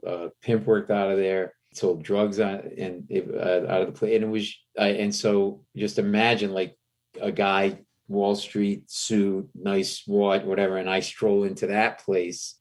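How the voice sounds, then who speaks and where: A middle-aged comedian with a low-pitched voice is a guest on a podcast interview. He tells an animated anecdote, jumping into raised voices for the people in his story.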